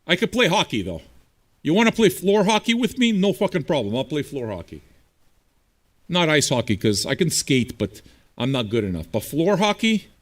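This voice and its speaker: Profane, lively-voiced man host. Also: a little high, normal speed. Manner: blunt, profane, combative banter. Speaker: streaming radio DJ host. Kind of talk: casual livestream chat answering viewers.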